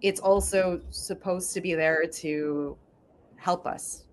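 A woman's voice: on the low side, steady tone, slow pace, a little hiss or hum. A woman co-hosting a podcast in casual chat, speaking in an earnest, thoughtful way. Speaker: podcast co-host.

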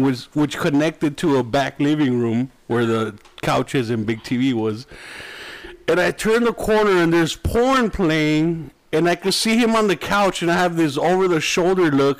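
A man hosting a podcast, telling a story to friends in a casual, animated way and laughing as he goes. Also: on the high side, gravelly. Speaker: podcast host.

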